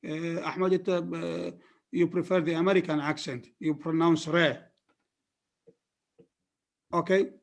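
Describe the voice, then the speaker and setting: A man's voice: a little high, little pitch movement, moderate pace, vocal fry, pauses often. A man lecturing a class on phonetics, repeating words and often checking that his students follow. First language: Arabic.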